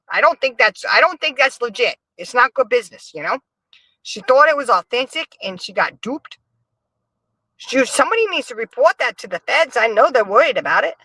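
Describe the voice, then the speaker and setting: A woman hosts a casual gossip livestream, dishing commentary to her chat with a sassy, animated delivery. Her voice is bright and forceful, and it rises and falls all over the place. The sound is close and dry, with no room around it. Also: a little high, no room sound. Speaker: livestream host.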